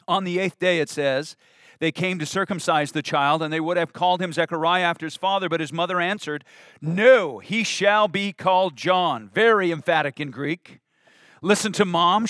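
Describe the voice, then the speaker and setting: Expressive pastor preaching a sermon. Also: male voice, fairly high pitch, no room sound, clean studio sound. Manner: expressive preaching with rising emphasis and asides.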